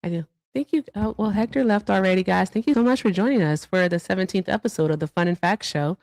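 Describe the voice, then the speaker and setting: A woman's voice: mid-range voice, quick pace, gravelly, a little mellow, no echo. A woman co-hosting a livestream show, chatting casually and reading out viewer thank-yous with asides. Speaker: livestream co-host.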